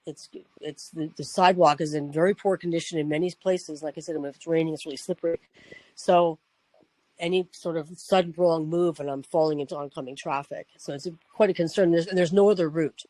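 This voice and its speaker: A man's voice: a little high, fairly even intonation, fairly quick, darkish tone, dry recording, low-quality recording. A man hosting a talk show, telling a personal story in a rambling, casual way with frequent restarts and swearing. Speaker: podcast host.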